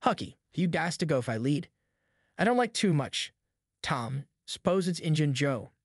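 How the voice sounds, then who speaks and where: A man's voice: a little high, sing-song, normal speed, breathy edge, no echo, studio quality, full character voice. A man voicing scared backwoods boys. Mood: scared whisper. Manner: rustic dialect drawl, hushed and fearful. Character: two frightened backwoods boys whispering at night.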